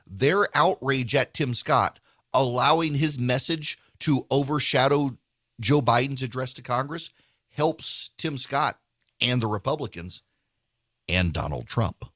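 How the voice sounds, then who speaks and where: Man, podcast host, emphatic political commentary, bright tense tone, dry close sound. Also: medium pitch, lively intonation, a little slow, no room sound. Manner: emphatic, rising to near shouting.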